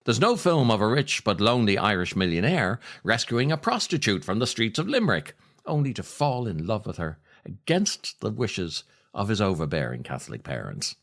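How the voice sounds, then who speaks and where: A podcast host reads his own essays aloud in a slightly low voice, with a wry, dry humor. His delivery rises and falls freely, and his storytelling is unhurried and reflective. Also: big pitch swings, fairly bright tone.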